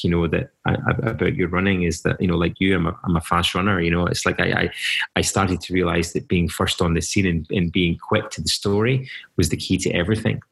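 A middle-aged man with a Scottish accent and a very deep voice tells stories as an interview guest. He rambles, doubling back and restarting his sentences. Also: creaky, fairly bright tone, low-quality recording. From Scotland. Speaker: journalist guest. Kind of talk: casual storytelling in conversation.

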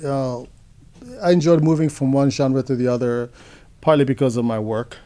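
An older man being interviewed, telling stories from his career in a relaxed, reflective way with frequent fillers. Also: medium pitch, moderate pace. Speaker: interview guest, photographer.

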